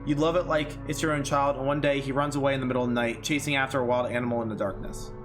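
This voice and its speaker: A man's voice: medium pitch, little pitch movement, rapid-fire, soft background music. A young man streaming a game, chatting casually, reading its text aloud, swearing and reacting emotionally.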